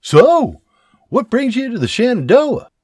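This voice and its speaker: A man's voice: extremely high pitch, sing-song, measured pace, a little mellow, husky, no room sound, voice pushed up, full character voice. A man voicing a friendly settler and husband who talks heartily. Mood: hearty.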